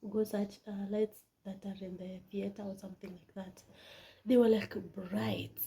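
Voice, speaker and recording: A woman telling a personal story in a casual vlog, animated and dramatic, often dropping into a whisper. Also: mid-range voice, moderate pace, vocal fry, a little hiss or hum. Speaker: vlogger.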